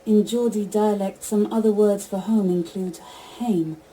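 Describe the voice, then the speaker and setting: A synthetic female voice of an AI assistant giving even, stilted spoken replies. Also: medium pitch, normal speed, slight background noise, rough recording. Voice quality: even, stilted text-to-speech delivery.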